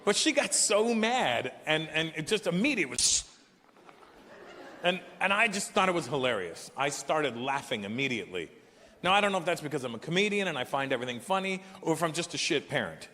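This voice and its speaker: A man in his forties performing a stand-up comedy set, telling stories animatedly with profanity and loud punchlines. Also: on the high side, very animated, fairly quick, a little hiss or hum. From Canada. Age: 40s. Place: large live venue. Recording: echoey hall with live crowd ambience.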